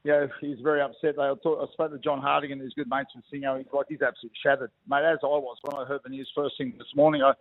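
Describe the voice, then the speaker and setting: A gravelly, mid-range voice rattles along very fast with a flat delivery and hardly a pause: a middle-aged Australian man, once a rugby league player, reminiscing as a phone-in radio guest. He's matey, calling everyone "mate", and the telephone audio sounds tinny.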